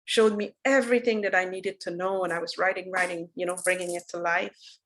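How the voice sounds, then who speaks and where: Earnest low-voiced woman giving a dharma talk. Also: flat delivery, low-quality recording. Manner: earnest, unhurried, drops soft for solemn moments. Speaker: spiritual teacher.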